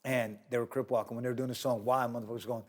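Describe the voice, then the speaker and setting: A man's voice: medium pitch, rapid-fire. A middle-aged man from New York, telling a wild story as an interview guest, profane and acting out the voices of others. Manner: animated, profane, acts out cops' voices.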